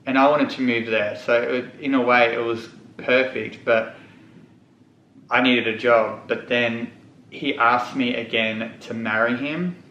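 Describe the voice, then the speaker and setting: A man's voice: medium pitch, steady tone, measured pace, sharp tone, highs cut off, a little hiss or hum. A young man telling a personal story to the camera, candid and on the verge of tears. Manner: candid, tearful, holding back tears. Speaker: vlogger. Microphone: camera mic. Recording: echoey room.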